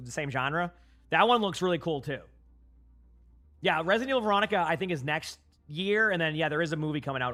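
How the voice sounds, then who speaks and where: A man's voice: on the high side, a bit bright. A young man with a Boston accent giving casual, rambling live-stream commentary while playing and chatting with viewers on a headset mic.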